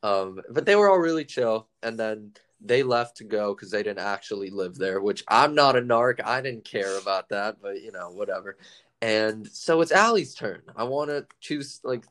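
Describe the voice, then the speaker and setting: A man's voice: on the low side, animated, normal speed, fairly bright tone. A young man co-hosting a podcast, rambling through a casual story and acting out what people said. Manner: rambling storyteller, acts out quotes. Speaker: podcast co-host. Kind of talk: casual chat.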